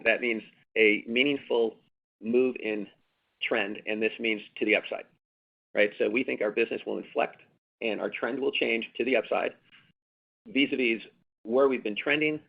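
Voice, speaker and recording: Gravelly man rambling on a phone line. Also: medium pitch. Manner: rambling, many fillers and restarts, emphatic repetition. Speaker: company executive answering analysts. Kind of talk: earnings call answers.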